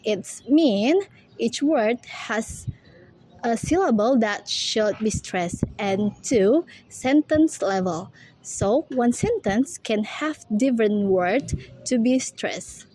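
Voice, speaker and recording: A young woman, a university student, reading a class presentation aloud in a slow, careful, deliberate way. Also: a little high, animated, darkish tone, poor audio. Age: young adult.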